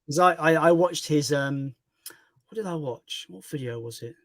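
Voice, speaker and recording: A man's voice: on the high side, moderate pace, a bit bright, no echo. A man with a British accent in a casual livestream chat, speaking candidly, swearing freely and poking fun at himself. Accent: British English.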